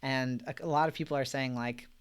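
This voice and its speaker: A man leading a live-streamed Bible study in a casual, conversational way, gentle and reflective, with frequent fillers and soft laughs, and reading out viewer comments. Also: medium pitch, fairly even intonation, brisk, clean tone.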